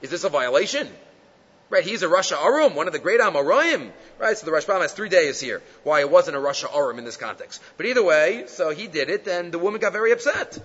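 A man teaching a Talmud class, reading the text slowly in a chant-like way, then explaining it in conversational English with fillers and rhetorical questions. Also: a little high, very animated, fairly bright tone, breathy edge, in a large hall, dull audio.

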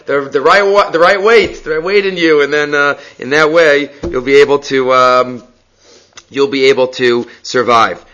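A man teaching a Talmud text study, an animated storyteller who acts out quotes and often restarts his sentences, on slightly dull lo-fi audio. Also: medium pitch. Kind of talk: lively text study lecture.

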